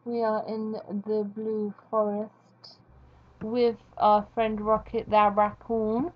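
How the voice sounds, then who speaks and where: A woman's voice: mid-range voice, highs cut off. A woman giving casual, rambling, self-deprecating commentary while she draws for her video. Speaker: video creator.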